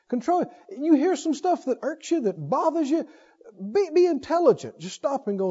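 A man preaching a sermon, emphatic, swinging from loud exhortation to hushed intensity. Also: very high voice, very animated, moderate pace. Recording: dull lo-fi sermon recording.

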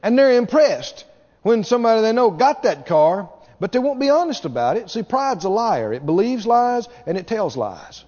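A pastor with a high, dark-toned voice preaches at a normal pace, his pitch swinging widely as he emphatically repeats key words and mimics people with a laugh. The recording sounds dull and echoes like a hall.

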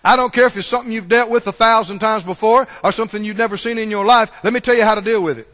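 A man's voice: high-pitched, rapid-fire, a bit bright. A man preaching a sermon to a church congregation, emphatic and repetitive, drawing call-and-response from the room. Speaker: pastor. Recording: long hall reverb.

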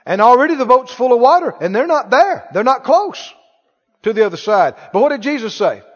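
High-pitched animated preacher man. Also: fairly quick. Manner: animated, asks the congregation questions and acts out scenes. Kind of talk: sermon. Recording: reverberant church hall, dull lo-fi sound.

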